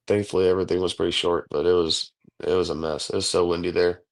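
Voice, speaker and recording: A relaxed man talking through stories in a casual interview. His voice sits fairly low, and he rambles along, filling his sentences with "like" and "dude". He sounds like an athlete talking shop about game moments. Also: fast talker, gravelly. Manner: laid-back, rambling storyteller, says "like" and "dude" a lot. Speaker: NFL kicker, guest.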